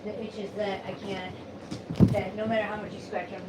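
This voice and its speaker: A woman's voice: medium pitch, flat delivery, normal speed. Chatty woman venting at home, noisy background. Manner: chatty, swearing, venting, doing chores while talking. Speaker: vlogger. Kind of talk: casual rambling monologue. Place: at home, sweeping.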